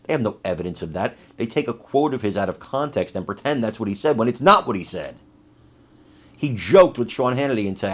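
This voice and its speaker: A man's voice: lowish voice, sing-song, a little fast. A man hosting his channel, giving emphatic, indignant political commentary. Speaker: channel host.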